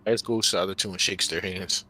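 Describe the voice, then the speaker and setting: Low-voiced man playing a tabletop game. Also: steady tone, bright, forceful tone, soft background music. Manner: casual, halting, joking. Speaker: player. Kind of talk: casual tabletop role-play.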